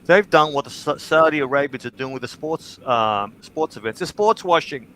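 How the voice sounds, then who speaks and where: A man's voice: on the high side, moderate pace, a little hiss or hum, low-quality recording. Man telling a story, swearing freely. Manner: swearing storyteller, animated bursts. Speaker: livestream host. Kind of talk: casual chat.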